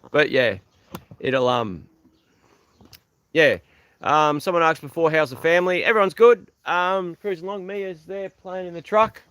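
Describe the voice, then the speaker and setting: A man's voice: a little high, measured pace, long pauses, fairly bright tone, smooth. An Australian man chatting casually on a livestream outdoors, rambling and thanking viewers by name. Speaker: livestream host. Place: outdoors beside an old truck.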